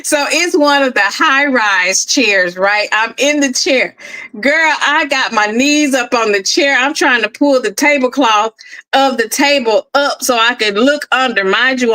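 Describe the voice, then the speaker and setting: A woman's voice: sits high, rough recording. A middle-aged woman podcast host, animatedly telling a story in casual chat at home and laughing often. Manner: animated, laughing often, addresses listeners as "girl". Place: at home, in her office.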